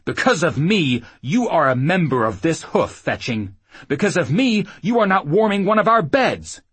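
A man's voice: fairly high pitch, very animated, normal speed, a bit bright, slightly rough, no room sound, voice pushed up, full character voice. Man doing a seething outlaw gang leader. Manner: raised, through clenched teeth. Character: hot-tempered male outlaw gang leader.

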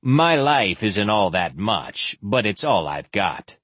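A man doing a drunken, cynical mercenary in a low, slurred, mushy voice. He sneers through every line, husky and heavy. Close, dry sound. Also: very animated, slow pace, fairly bright tone, dry recording, exaggerated voice. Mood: sardonic.

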